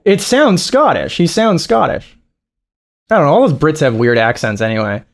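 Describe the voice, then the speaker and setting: A man's voice: a little high, very animated, normal speed. A man doing profane, mocking reaction commentary over a video. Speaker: reaction streamer.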